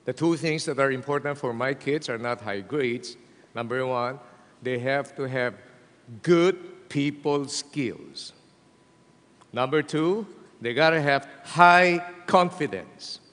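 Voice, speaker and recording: A man preaching a sermon to a packed hall, with a Filipino accent, speaking in an animated, emphatic way. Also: medium pitch, unhurried. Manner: animated preaching, mixing English and Tagalog, addressing the hall. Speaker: pastor. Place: large hall. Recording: long hall reverb.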